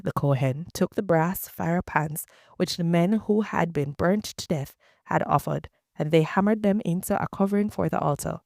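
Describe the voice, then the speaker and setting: A woman reading scripture aloud in a measured, deliberate way. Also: deep voice, gravelly, dark tone, no room sound, clean studio sound. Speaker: scripture reader.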